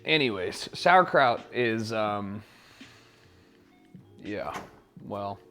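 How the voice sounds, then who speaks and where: Man, home-kitchen cooking streamer: profane, rambling, slow-paced but very animated in pitch, faint music underneath. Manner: profane, rambling, talks back to chat. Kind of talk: casual live-stream chat while cooking. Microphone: wired mic.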